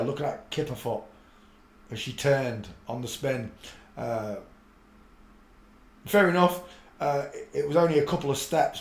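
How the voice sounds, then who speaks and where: A man's voice: mid-range voice, darkish tone. A man hosting a casual live stream, rambling and muttering to himself as he searches for clips. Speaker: channel host. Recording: echoey room.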